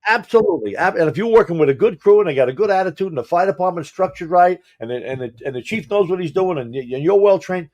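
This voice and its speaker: A man with a slightly high voice co-hosts a fire service podcast. He talks quickly and casually, often stumbling and restarting his sentences mid-thought. He comes across as an experienced officer sharing stories from his years on the job. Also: expressive, darkish tone. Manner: rapid, with frequent restarts and stumbles. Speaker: podcast co-host, former fire chief. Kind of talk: conversational podcast talk.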